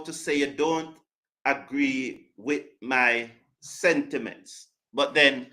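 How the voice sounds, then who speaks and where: Replying to chat on his cricket live stream, this host is emphatic and passionate, saying things over and over. His voice is on the high side, pushed and bright.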